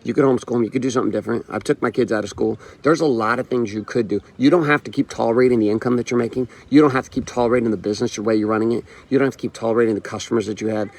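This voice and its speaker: Man, motivational host, rapid delivery, blunt, cursing, repeats his point over and over. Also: mid-range voice, steady tone, a little mellow. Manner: blunt, profane, repetitive hammering; tells stories with quoted back-and-forth. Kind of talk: motivational monologue.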